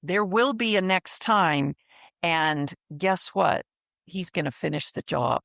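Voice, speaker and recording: A woman in her fifties recounts her past in a slow, deliberate way, her voice carrying a gravelly edge. She speaks with earnest, repetitive phrasing. The recording is close and dry. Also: fairly low pitch, expressive, a bit bright, no room sound. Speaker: interview guest. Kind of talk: personal testimony in interview.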